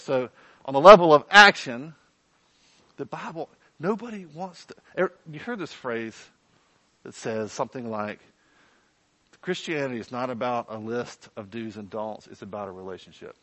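A man preaching a sermon in an animated, conversational way with playful asides. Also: mid-range voice, dry recording, low-quality recording. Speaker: pastor.

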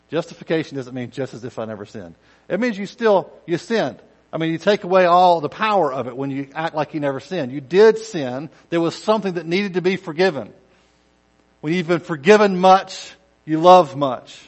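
A man preaches a conversational sermon in a slightly high voice. He drops to near-murmurs, then swells into loud, emphatic bursts, and slips into quick asides where he acts out other voices. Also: rough recording. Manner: swings from quiet intensity to loud emphatic bursts. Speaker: pastor.

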